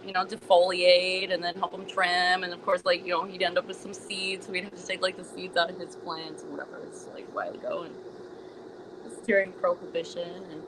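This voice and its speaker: A woman's voice: on the low side, flat delivery, brisk. Chatty woman guest, noisy line. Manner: chatty, full of "like" fillers. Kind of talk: casual interview talk.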